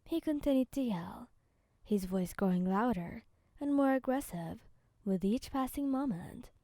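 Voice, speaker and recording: Soft-spoken woman narrating a fan story. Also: on the high side, expressive, measured pace, no room sound, studio quality.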